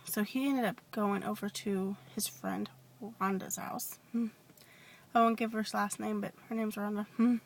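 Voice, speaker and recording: A woman telling a personal story in a confessional vlog, hesitant and rambling with many restarts, sometimes dropping to a soft whisper. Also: mid-range voice, fairly even intonation, moderate pace, vocal fry, slight background noise. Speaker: vlogger.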